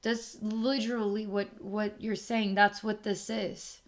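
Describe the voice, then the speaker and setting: A woman giving a channeled spiritual reading to someone, speaking softly and often checking in with "okay?". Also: medium pitch, level tone. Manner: slow, soft, repeats okay to check in. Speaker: spiritual intuitive reader.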